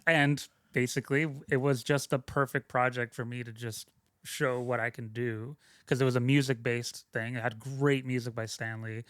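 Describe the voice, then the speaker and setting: A man's voice: mid-range voice, fairly even intonation, moderate pace, a bit bright, no room sound. Rambling guest man, dry close mic. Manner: rambling, self-interrupting, frequent "like" fillers. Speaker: podcast guest, sound mixer. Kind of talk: casual conversational storytelling.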